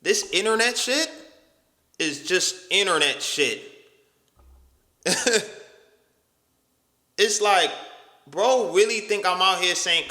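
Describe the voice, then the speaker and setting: An exasperated young man talks back to a video about himself, incredulous and full of swearing. His voice is bright and jumps around a lot. The room is echoey, with a long reverb tail. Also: a little high, expressive, slow. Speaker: YouTuber reacting to a critic's video. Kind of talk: casual reaction commentary.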